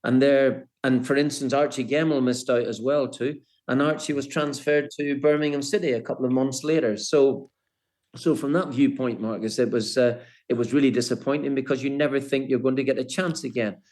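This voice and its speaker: Older male guest, halting reminiscence, plain mid voice. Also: mid-range voice, steady tone. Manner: hesitant, many restarts, warm storytelling. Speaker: guest, former footballer. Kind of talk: reminiscing interview.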